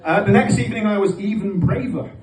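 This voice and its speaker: Brief: male comic telling stories on stage, fairly high voice, roomy live sound with faint noise. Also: fast. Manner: lively storytelling with animated asides. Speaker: stand-up comedian. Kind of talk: stand-up comedy. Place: comedy venue stage. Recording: echoey live venue from far off.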